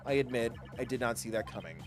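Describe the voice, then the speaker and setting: A man voicing a menacing male villain disguised by a voice changer, low and slow. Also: music in the background, lightly acted. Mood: sinister.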